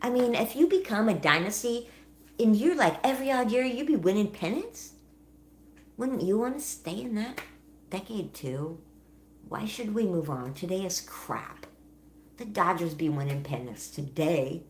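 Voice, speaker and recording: A woman's voice: medium pitch, lively intonation, measured pace, a little mellow, slight background noise. A young woman hosting a livestream, chatting casually, laughing often and answering her chat as she goes. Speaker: livestream host.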